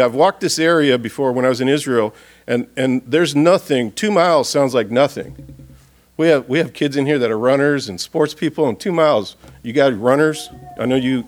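A man preaching at a funeral, earnest and expressive, swinging from loud appeals to hushed, quiet passages. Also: mid-range voice. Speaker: pastor. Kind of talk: funeral sermon. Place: church or funeral gathering.

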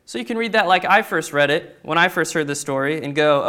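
A man preaching a sermon, acting out the people of the story with sudden loud bursts. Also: a little high, expressive, fairly quick, hardly any pauses, smooth. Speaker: pastor.

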